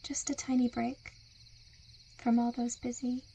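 A woman in a whispered role-play, with a soft, soothing and coaxing hypnotic murmur. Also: a little high, flat delivery, a little slow, gravelly, a little hiss or hum. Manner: seductive, coaxing.

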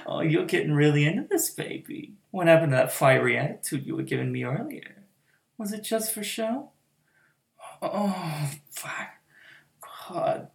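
A woman playing a gravelly teasing domineering girlfriend. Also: reverberant, full character voice. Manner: teasing, purring, drops into soft whispers, frequent low laughs. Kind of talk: adult audio role-play.

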